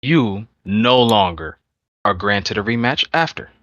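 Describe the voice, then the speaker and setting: A man voicing a cocky wrestler in an online role-play, smug and teasing. His voice is low but bright, and it comes through a dull lo-fi mic. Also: expressive, unhurried, slight background noise. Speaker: virtual wrestler in a press conference. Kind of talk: in-character voice chat role-play.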